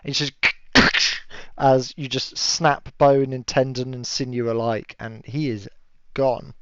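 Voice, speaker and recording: A man running a tabletop game as game master, relaxed and chatty, laughing often and yelling enemies' cries in high voices. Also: unhurried, noisy background. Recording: dull lo-fi stream audio, dry.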